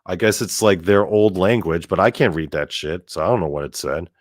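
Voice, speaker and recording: A man telling a story in a casual monologue, animated and profane, with lots of "like" fillers. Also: sits low, brisk, dry recording, studio quality. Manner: animated and profane, heavy use of "like". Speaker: storyteller host.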